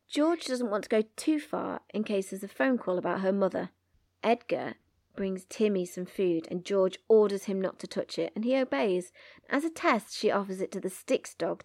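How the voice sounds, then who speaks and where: A woman's voice: mid-range voice, a little mellow, no room sound, clean studio sound. A woman co-hosting a book podcast, recapping chapters and reading passages aloud with character voices. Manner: reads dialogue in character voices.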